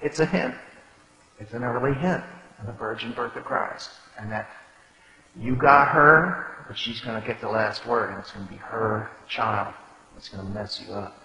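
A man's voice: lowish voice, steady tone, normal speed, fairly bright tone. A man preaching a sermon, explaining scripture in a conversational way and reading verses aloud. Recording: echoey hall with long reverb.

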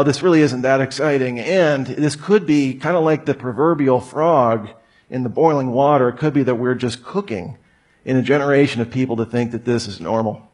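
A man giving a humorous lecture to an audience, full of rhetorical questions and joking asides. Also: a little high. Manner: rhetorical questions, jokey asides, mock voices. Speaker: speaker giving a talk.

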